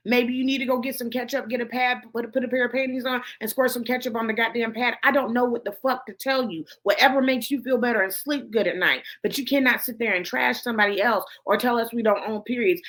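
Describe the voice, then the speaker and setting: This woman hosts a gossip commentary show, and her voice sits high with a somewhat bright quality. Talking to camera, she swears a lot, stays blunt and profane, and hammers her points home by repeating them.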